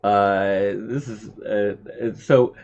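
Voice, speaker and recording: A man's voice: fairly low pitch, fairly even intonation, takes it slowly, a little mellow. A man hosting a casual, jokey chat while watching an old serial. He talks hesitantly, with a lot of fillers. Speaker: host. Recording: muffled lo-fi with music.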